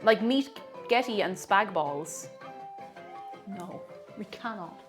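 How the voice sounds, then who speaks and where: A woman's voice: mid-range voice, lively intonation, slow pace, music in the background. Playful, chatty woman streamer. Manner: chatty and playful, greets viewers by name. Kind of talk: casual chat while baking on a live stream.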